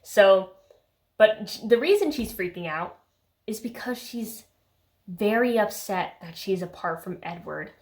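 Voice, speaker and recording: A woman's voice: medium pitch, lively intonation, unhurried, darkish tone. A young woman vlogging about a book she read, chatty and sarcastic, full of filler words. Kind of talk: casual chat.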